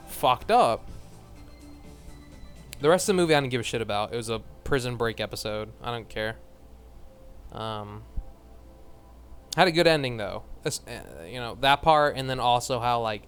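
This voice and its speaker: A man's voice: medium pitch, a bit bright. A man ranting in a casual, rambling way, blunt and full of swearing, laughing often and trailing off into mumbled asides. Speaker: vlogger.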